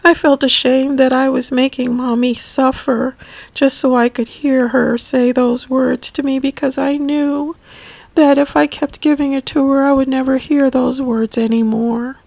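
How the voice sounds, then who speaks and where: A woman narrating a personal caregiving memoir, emotional and halting, often repeating words. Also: high voice, flat delivery, creaky, a little mellow, no room sound, low-quality recording. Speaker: family caregiver.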